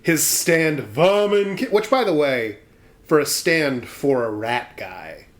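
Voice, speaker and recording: A man's voice: fairly high pitch, animated, slow. A man co-hosting a casual lore podcast, chiming in with jokes and laughter. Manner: joking, laughing interjections. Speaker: podcast co-host.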